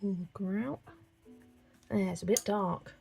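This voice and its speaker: Gravelly woman chatting while colouring. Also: mid-range voice, slow, darkish tone, soft background music. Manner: chatty, thinking aloud, reads chat messages. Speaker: livestream host. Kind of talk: casual chat while colouring.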